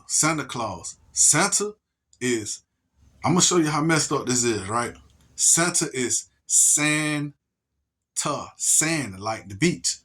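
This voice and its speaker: A man's voice: lowish voice, fairly bright tone. A man talking in a rambling casual monologue, restarting his sentences, stammering, and often asking whether you get him. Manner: slow, drawn-out emphasis on single words. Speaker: solo video monologue speaker.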